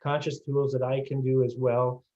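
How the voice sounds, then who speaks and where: A man's voice: mid-range voice, level tone, moderate pace, a little mellow, lo-fi sound. Man reading audience questions aloud.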